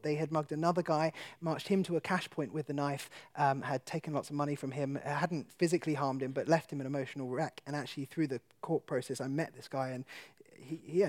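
A man with a notably high-pitched voice tells a personal testimony to an audience. He is animated and laughs easily. He turns quiet and low when the story grows tense. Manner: animated storyteller who laughs often and drops to a hush for tense moments. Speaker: guest speaker.

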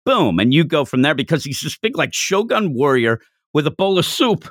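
Animated man retelling a comic. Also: a little high, moderate pace, dry recording, clean studio sound. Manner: animated, acts out character lines in funny voices. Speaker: podcast co-host. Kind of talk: casual manga discussion.

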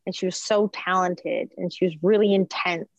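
A woman, a chef and food journalist, chatting as a podcast guest and telling animated stories with plenty of "like" and "um". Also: lowish voice, normal speed, no room sound, dull audio. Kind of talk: casual storytelling chat.

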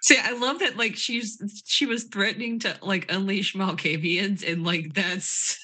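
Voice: medium pitch, unhurried, bright, forceful tone, husky. A player in a tabletop roleplaying game who talks in a rambling, giggly way. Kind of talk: casual chat.

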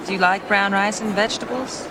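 An actor playing an easygoing, friendly companion who speaks in an unhurried, nostalgic way, heard in a film clip. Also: medium pitch, fairly even intonation, a loud crowd, close to an everyday voice. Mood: curious. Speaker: film character. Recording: film audio with street noise.

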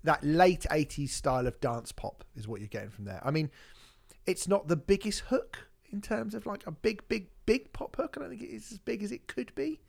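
A man's voice: high voice, lively intonation, normal speed, vocal fry, a little mellow. A man co-hosting a music podcast, chatting casually and animatedly, with jokey asides while reviewing an album. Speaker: podcast co-host.

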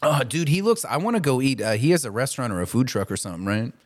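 A man co-hosting a podcast in casual chat, laid-back and high, laughing often and swearing. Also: animated, fast talker. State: high on marijuana. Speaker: podcast co-host.

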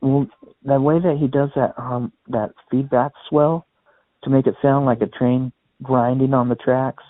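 A man co-hosting a podcast, chatting casually about a rock album and retelling studio stories, sometimes quoting people in quick put-on voices. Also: medium pitch, no echo. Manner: relaxed storyteller, quotes others in small put-on voices. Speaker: podcast co-host. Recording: dry, thin phone-like sound.

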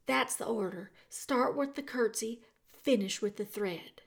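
A woman voicing a loud, clumsy twelve-year-old serving girl who is hard of hearing and talks in blunt, rustic speech. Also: a little high, measured pace, vocal fry. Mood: shouting, eager.

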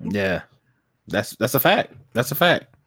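A man's voice: fairly low pitch, sing-song, unhurried, a bit bright, husky, no room sound, clean studio sound. A man co-hosting a podcast, talking in casual, profane, slangy banter. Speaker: podcast co-host.

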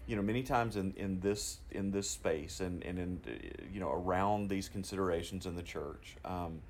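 Male podcast host, lower voice, halting delivery with many restarts. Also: slight background noise. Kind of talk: podcast interview.

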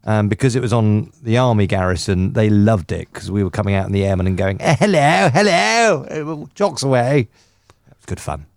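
A man's voice: on the low side, steady tone, fast, mellow, dry recording, studio quality. A man chatting on a radio show as presenter, enthusiastic and a little bossy as he teases his co-hosts. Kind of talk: casual radio chat.

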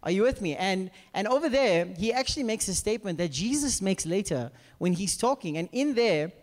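A man's voice: high-pitched, expressive, a little fast. A man preaching a sermon, acting out scripture characters and asking the audience to follow. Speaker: pastor. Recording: reverberant hall.

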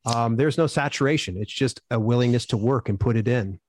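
A man answering interview questions as a self-publishing expert, upbeat and animated, acting out quotes as he tells stories. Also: mid-range voice, brisk, a little hiss or hum.

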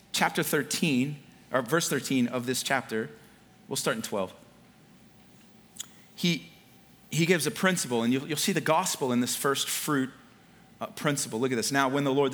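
A man preaching a sermon in a relaxed, conversational way, with slang and filler words. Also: medium pitch. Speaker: pastor. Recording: long hall reverb.

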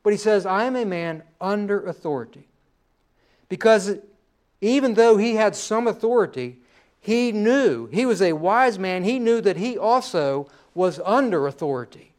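A man's voice: high-pitched, expressive, normal speed. A male pastor preaching a sermon in a conversational way, often repeating phrases and checking in with "right?".

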